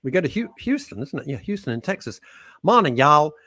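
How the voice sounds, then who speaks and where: A man's voice: fairly high pitch, sing-song, fast talker, dry recording, clean studio sound. A man co-hosting a radio show, sardonic and grumbling as he reads out listener messages. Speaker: radio co-host. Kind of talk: casual radio banter. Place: radio studio.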